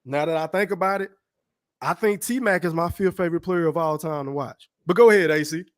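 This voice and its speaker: A young man hosting a live chat stream, talking loosely and with a lot of swearing, reading out comments and shouting out viewers. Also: a little high, brisk. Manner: loose, profane, streetwise, reads chat aloud. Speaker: livestream host. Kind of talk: casual live-chat talk.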